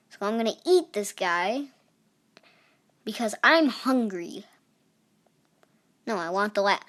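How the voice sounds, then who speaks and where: A woman's voice: medium pitch, takes it slowly, pauses often. A young woman giving casual, chatty commentary over a phone game, reacting with playful exclamations. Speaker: gaming channel host.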